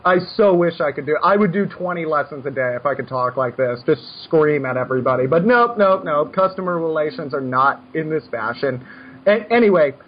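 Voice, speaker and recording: A man coaching poker in casual chat, brash and animated, given to joking rants. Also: on the high side, brisk, breathy edge, lo-fi sound.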